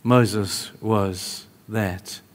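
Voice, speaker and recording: A male preacher delivering a sermon, telling a story in an animated way, moving between hushed and raised delivery. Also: lowish voice, drawn-out words, in a large hall.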